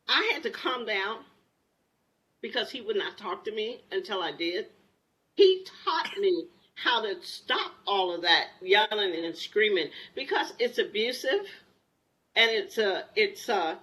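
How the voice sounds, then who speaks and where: Bright-voiced older woman telling her story. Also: mid-range voice, rough recording. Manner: lively storyteller, animated and candid. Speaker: guest. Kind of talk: personal testimony on a talk show.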